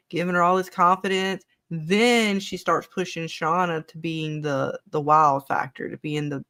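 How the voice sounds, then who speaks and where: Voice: medium pitch, fairly bright tone. A show co-host in a casual live episode discussion who talks bluntly, swears often and rambles between points.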